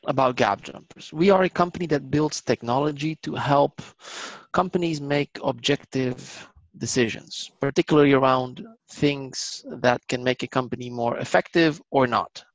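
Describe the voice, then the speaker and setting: A man speaking as a guest on an online business seminar, explaining in a measured way with filler ums, over a video call. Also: medium pitch, no room sound, poor audio. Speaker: company guest.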